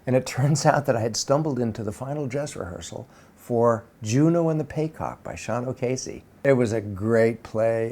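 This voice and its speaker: A man telling a personal story in a casual, animated way. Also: mid-range voice, vocal fry. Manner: animated, acts out quoted voices.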